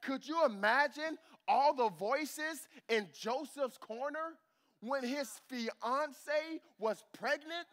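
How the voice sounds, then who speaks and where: A man's voice: very high voice, slow, fairly bright tone. A man preaching a sermon as pastor of a church, calling out to the congregation for amens. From United States. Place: church sanctuary.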